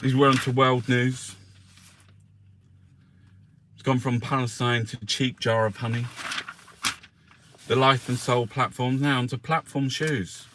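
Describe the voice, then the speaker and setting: A man hosting a casual live newspaper review, swearing often and chatting to his viewers with jokey asides. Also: medium pitch. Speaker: livestream host reviewing newspapers. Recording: faint background noise.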